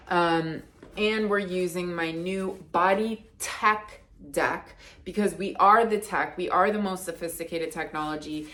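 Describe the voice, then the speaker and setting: A woman with a fairly low voice gives a casual, intuitive card reading to her viewers. She talks in a chatty, earnest way, full of "like" and quick restarts. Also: fairly bright tone. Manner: chatty and earnest, heavy use of "like". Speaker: card reader and deck creator.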